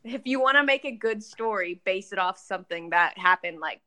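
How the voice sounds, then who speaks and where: A woman's voice: mid-range voice, lively intonation, brisk, bright, forceful tone. A young woman co-hosting a podcast in casual chat, giggly and rambling with lots of fillers. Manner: giggly, rambling with many likes. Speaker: podcast co-host.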